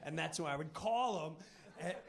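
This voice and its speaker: Animated man telling comic stories. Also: fairly high pitch, normal speed, creaky. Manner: animated, laughs into his lines. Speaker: storyteller. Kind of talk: casual comic storytelling.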